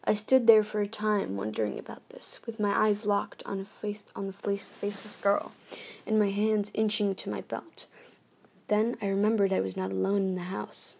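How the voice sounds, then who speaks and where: Gravelly-voiced woman reading a ghost story. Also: medium pitch, little pitch movement, normal speed, a little mellow. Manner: reading with frequent restarts and self-corrections. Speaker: narrator. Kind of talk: first-person novel read aloud.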